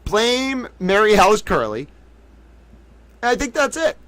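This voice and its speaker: A man with a fairly high voice hosts a livestream, bantering with viewers by name in a jokey, animated way. The sound is dry and close, with no room in it. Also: slow, no room sound. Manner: animated, jokey, calls himself a little towel; talks to chat viewers by name. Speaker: livestream host. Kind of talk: casual livestream chat.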